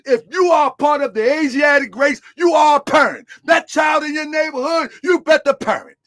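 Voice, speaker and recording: A religious teacher with a strikingly high voice gives a sermon at normal speed. He shouts key words for emphasis, then sinks into low, quiet asides, and repeatedly invites listeners to call back answers.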